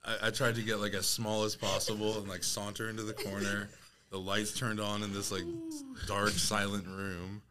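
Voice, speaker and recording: A man's voice: fairly low pitch, little pitch movement, moderate pace, a crowd in the background. A man guesting on a podcast, telling stories in a wry, self-mocking way. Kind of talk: casual storytelling.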